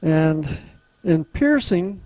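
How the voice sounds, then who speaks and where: Slow folksy older Southern man. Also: fairly high pitch, animated, a little mellow, no room sound, poor audio. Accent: Southern US, softened. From Louisiana, US. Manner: unhurried, folksy, chuckles often. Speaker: woodturning club demonstrator. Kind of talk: casual demonstration talk.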